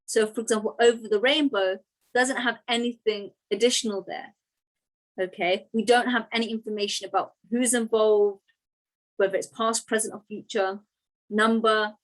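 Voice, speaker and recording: In a fairly high, steady voice, a woman patiently walks through a grammar lesson, breaking each idea into pieces and often checking in with quick "right?" and "okay" asides. The recording quality is low.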